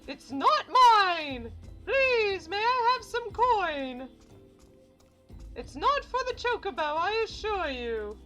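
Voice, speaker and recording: Cheeky Cockney street beggar, a woman doing the voice, bright and bouncy. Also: sing-song, takes it slowly, soft background music, exaggerated voice. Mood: pleading. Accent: put-on Cockney. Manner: chirpy, pleading, high. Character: cheeky disguised beggar woman begging coin.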